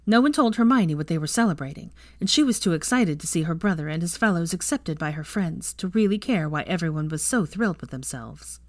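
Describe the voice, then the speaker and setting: A woman reading fan fiction aloud with an expressive reading voice. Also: on the low side, fairly quick, hardly any pauses, no room sound.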